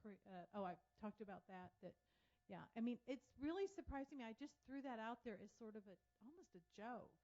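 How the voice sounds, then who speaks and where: A woman's voice: on the high side, fairly quick. A woman giving a casual talk to an audience, telling anecdotes in a chatty way and acting out what others said. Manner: chatty storyteller, animated quoting of others. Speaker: speaker at a public talk. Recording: dull lo-fi sound.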